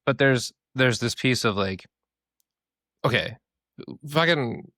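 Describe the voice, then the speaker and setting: A young man co-hosting a podcast, telling stories in a casual, animated way, swearing freely and mimicking voices. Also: mid-range voice, slow, dry recording, studio quality. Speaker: podcast co-host.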